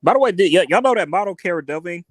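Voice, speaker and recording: A man's voice: high-pitched, lively intonation, very fast, crowd noise. A man in a casual panel chat, telling rambling stories full of "like" and acting out quotes. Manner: rambling storyteller with many fillers and acted-out quotes.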